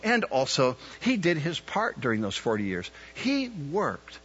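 Pastor, man, 50s, preaching with a husky voice; emphatic, rising delivery that asks the congregation questions; dull lo-fi recording. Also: mid-range voice, big pitch swings, moderate pace, hardly any pauses. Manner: builds to loud emphatic peaks, questions the congregation. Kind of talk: sermon. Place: church service. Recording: dull lo-fi sound.

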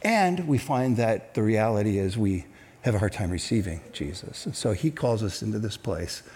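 A man's voice: fairly low pitch, moderate pace, slight background noise. A man preaching a sermon as pastor to several church campuses and viewers online, acting out voices as he goes. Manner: animated, acts out grumbling voices.

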